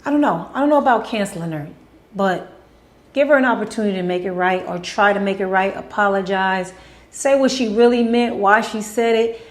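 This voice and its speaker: Woman vlogger answering questions, blunt and opinionated, swears freely, mid pitch. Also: a little fast. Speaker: host answering viewer questions. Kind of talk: casual Q&A vlog.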